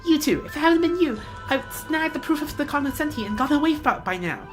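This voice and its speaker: A woman's voice: high voice, sing-song, fast, faint music behind, pitched above the performer's own voice. A woman voicing a scheming young female thief who plays the damsel in distress in a game playthrough. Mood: pleading, theatrical.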